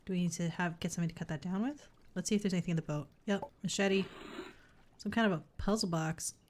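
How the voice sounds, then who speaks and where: A woman's voice: lowish voice, fast talker, darkish tone, a little hiss or hum. Woman thinking aloud through a game. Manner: thinks aloud, chatty, offhand swearing. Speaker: game streamer. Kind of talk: casual let's-play commentary. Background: faint game music.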